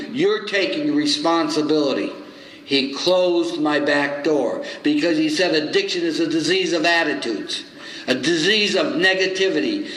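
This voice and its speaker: Older man telling a story in an echoey hall. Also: a little high. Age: 70s. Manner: animated storyteller acting out both sides of dialogue. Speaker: recovery circuit speaker. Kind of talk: storytelling talk at a recovery meeting. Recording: echoey hall with faint noise.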